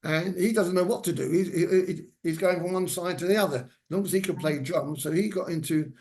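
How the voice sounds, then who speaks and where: Older male guest speaker with a slightly high voice, rambling through anecdotes at a lecture. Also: fairly quick, a little mellow. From England. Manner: rambling anecdotal delivery with fillers. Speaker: guest speaker, former hairdresser. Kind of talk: lecture storytelling. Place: senior center lecture hall.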